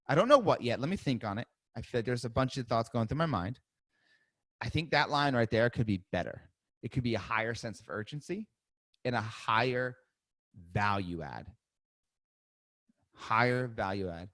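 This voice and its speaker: Energetic man coaching in a live webinar. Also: medium pitch, moderate pace, dry recording, clean studio sound. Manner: energetic, conversational, laughs often, acts out example calls. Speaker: webinar host and sales coach.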